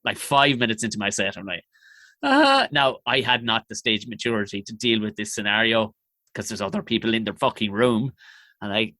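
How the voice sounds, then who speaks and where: An Irish man telling profane, animated stories as a comedian guest in casual chat. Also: lowish voice, a little fast, dry recording. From Ireland.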